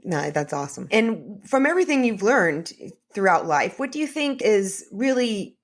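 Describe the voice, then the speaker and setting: A woman hosts an interview podcast in a mid-pitched voice with lively ups and downs. She keeps the guest going with short, encouraging replies and follow-up questions. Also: normal speed. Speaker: podcast host.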